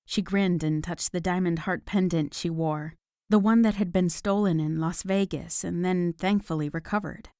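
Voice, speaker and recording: Woman narrator, audiobook romance, calm even delivery, warm mellow tone, dry close recording. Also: lowish voice, normal speed, dry recording. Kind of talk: scripted narration.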